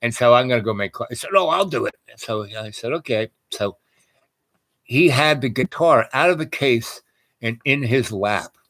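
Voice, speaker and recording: A man's voice: medium pitch, moderate pace, fairly bright tone, no echo. A man telling a casual personal story in a rambling, digressive way, full of fillers and restarts.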